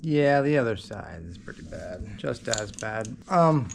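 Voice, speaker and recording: A man's voice: fairly low pitch, big pitch swings, unhurried, creaky, over music. A man working on a car in his repair shop, chatting casually and joking with playful rhymes. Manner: playful, rhyming wordplay and banter with his dog. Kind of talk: casual workshop vlog. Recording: noisy workshop with tool clicks.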